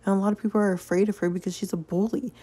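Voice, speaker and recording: A woman's voice: medium pitch, fairly even intonation, very fast, warm tone, breathy edge, lightly acted. A woman voicing an earnest young man in a story game, speaking frankly and confronting an adult.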